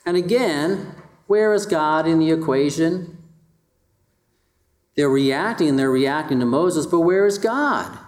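A man's voice: on the high side, expressive, takes it slowly, pauses often, a little mellow, reverberant. A man delivering a sermon in a conversational style and putting rhetorical questions to his congregation. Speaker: pastor.

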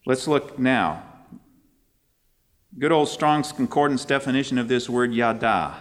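A man delivers a sermon in an emphatic, driving manner. His pitch climbs sharply whenever he quotes scripture or poses a question. His voice sits in the middle range and rings out with a long hall reverb. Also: a little slow. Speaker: preacher.

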